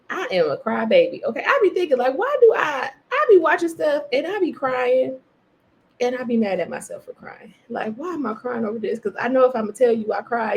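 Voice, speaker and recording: A woman hosting a faith podcast, chatting casually and self-mockingly while reading from a devotional. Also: fairly high pitch. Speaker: podcast host.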